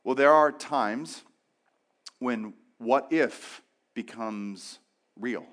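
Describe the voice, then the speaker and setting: Middle-aged pastor guy preaching, chatty, stumbles and restarts, jokes at his own expense. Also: mid-range voice. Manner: swings from loud, fast bursts to soft, slow pleading; conversational, with restarts and self-deprecating asides. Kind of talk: sermon.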